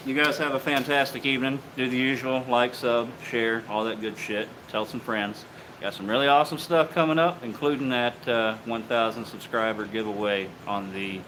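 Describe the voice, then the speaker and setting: Man, casual live-stream host, joking, swears, mid pitch, slight background noise. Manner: relaxed, joking, swears freely, many fillers.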